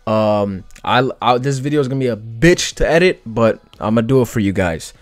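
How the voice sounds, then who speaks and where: A man's voice: medium pitch, lively intonation, normal speed, dry recording. A man giving a casual, slangy and profane spoken analysis of an anime, talking loosely with many fillers. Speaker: anime commentary vlogger.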